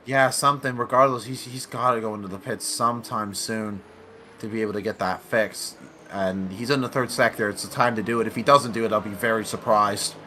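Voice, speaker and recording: A man commentating a sim racing league event, excitable and often correcting himself mid-sentence. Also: lowish voice, brisk, a little hiss or hum. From United States. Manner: excitable, self-correcting, laughs along. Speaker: race commentator.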